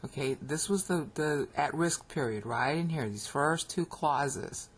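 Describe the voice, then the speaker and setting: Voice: medium pitch, expressive, measured pace, breathy edge. A Bible teacher with an American accent, narrating a screen-recorded lecture and checking in with listeners with frequent "okay?" as they explain.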